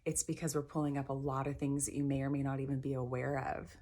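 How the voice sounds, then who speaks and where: A middle-aged woman leading a guided tapping session, gentle and encouraging, repeating phrases slowly. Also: extremely low pitch, little pitch movement. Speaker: tapping practitioner.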